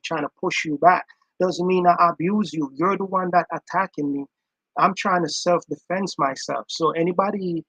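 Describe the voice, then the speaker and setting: A man gives casual reaction commentary, earnest and emphatic, circling back to repeat his point. His voice sits a touch high for a man. The sound is close and dry, with no room around it. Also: a bit bright, no room sound, highs cut off.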